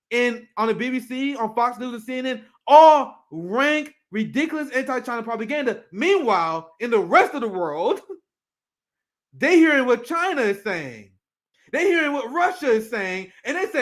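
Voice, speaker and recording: High-voiced man ranting profanely. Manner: profane, animated, laughs often; reads clips aloud while reacting. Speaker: political commentary host. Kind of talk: casual political commentary.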